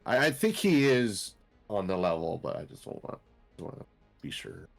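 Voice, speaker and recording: A man taking part in a tabletop role-playing session, speaking in a measured, deliberate way. His voice is fairly low with a gravelly edge, and faint music sits behind it. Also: sing-song. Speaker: player. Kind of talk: tabletop game play.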